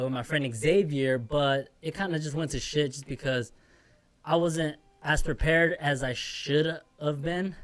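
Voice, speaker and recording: A young man hosting a solo podcast from an office room, rambling in a casual, profane, self-mocking rant with music playing softly behind him. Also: a little high. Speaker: podcast host.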